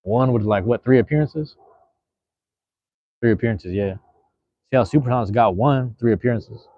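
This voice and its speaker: A man's voice: mid-range voice, normal speed, no echo, highs cut off. A man hosting a casual solo livestream, rambling in a laid-back, slangy way. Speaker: livestream host.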